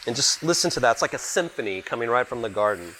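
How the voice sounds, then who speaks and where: A man's voice: medium pitch, animated, fast talker, pushed and bright, slight background noise. A man cooking on camera as a guest cook, chatty and explaining each step while calling the viewers "guys". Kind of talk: cooking demonstration.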